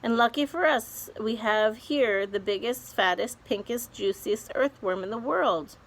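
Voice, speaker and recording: A woman reading aloud, voicing a clever young boy who explains his plan calmly and firmly. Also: a little high, measured pace. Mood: earnest. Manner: calm, firm explaining.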